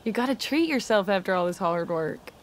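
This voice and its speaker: A woman's voice: mid-range voice, animated, brisk, slight background noise, lightly acted. A woman playing a sarcastic young drifter. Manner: teasing, sarcastic. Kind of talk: video game voice acting.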